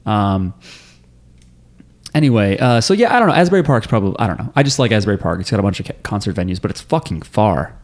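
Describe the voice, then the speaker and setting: A man trades jokes with his co-hosts over a podcast recap. His voice sits a little low, loose and full of fillers. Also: big pitch swings, quick pace. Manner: joking, rambling with fillers. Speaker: podcast co-host. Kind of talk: casual chat recap.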